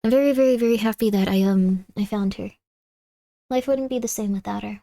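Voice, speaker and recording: A woman streaming from home, chatting casually with her viewers, reading their messages aloud and cooing softly to her cat. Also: mid-range voice, a little fast, creaky, dry recording, clean studio sound. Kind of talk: casual live-stream chat. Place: home room.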